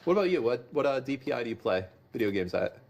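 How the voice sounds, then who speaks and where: Animated swearing man on a live stream. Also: medium pitch, fast, vocal fry, dull audio. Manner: profane, mock-boastful, animated. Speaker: stream co-host. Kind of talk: casual banter on a live stream.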